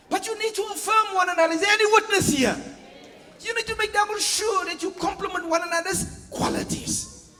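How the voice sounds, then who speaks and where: A pastor preaches with a very high, piping voice, asking his congregation for agreement and acting out everyday family scenes. The sound rings with the long reverb of a large church hall. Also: brisk, sharp tone. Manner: preaching with call-and-response questions to the congregation; acts out scenes with playful mimicked voices and sound effects. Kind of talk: sermon.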